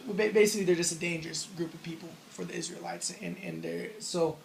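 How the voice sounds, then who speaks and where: A man's voice: fairly high pitch, fairly even intonation, fast talker, creaky, slight background noise, poor audio. A man giving a casual spoken lecture on religion, rambling as he explains and acting out the lines he quotes.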